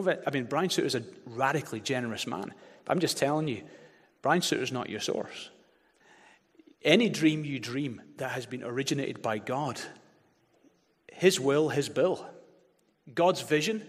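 A man preaching a sermon as pastor, passionate and emphatic, leading his congregation to repeat verses aloud. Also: a little high. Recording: long hall reverb.

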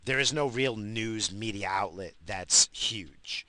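A man's voice: on the low side, slow pace, sharp tone, a little hiss or hum. A man, calling himself a stoner, ranting about conspiracies in heated, profane talk that keeps repeating itself. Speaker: self-described stoner.

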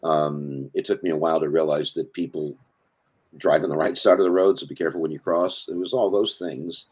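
A man's voice: rumbling low, steady tone, a little fast, darkish tone, breathy edge. An older man telling rambling stories as a podcast guest, interrupting himself as he goes. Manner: rambling, self-interrupting storyteller. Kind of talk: casual storytelling.

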